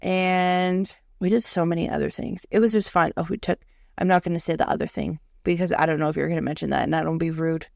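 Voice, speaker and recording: A woman co-hosting a podcast, telling animated, profane stories in casual chat. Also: lowish voice, quick pace, creaky, no room sound, clean studio sound. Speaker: podcast co-host.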